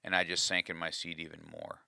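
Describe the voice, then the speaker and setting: A man's voice: low-pitched, big pitch swings, fast, creaky, pushed and bright, dry recording, clean studio sound. A man telling a personal story with a life lesson, earnest and confessional, often restarting his sentences.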